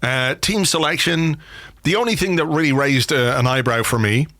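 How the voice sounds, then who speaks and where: A man's voice: mid-range voice, moderate pace, bright, forceful tone, dry recording, studio quality. A man hosting a podcast in casual chat, rambling through anecdotes and slipping into silly impressions. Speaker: podcast host.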